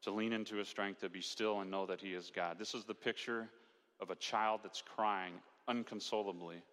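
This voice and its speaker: A man's voice: on the low side, fairly even intonation, normal speed, fairly bright tone. A male pastor preaching a sermon in a conversational way, asking rhetorical questions and acting out quotes. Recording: long hall reverb.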